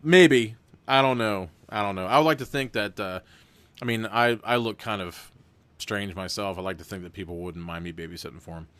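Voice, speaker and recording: A man's voice: lowish voice, fairly quick, a bit bright. A man hosting a live stream, reading an interactive adventure book aloud with rambling, self-deprecating asides. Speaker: game host reading a gamebook.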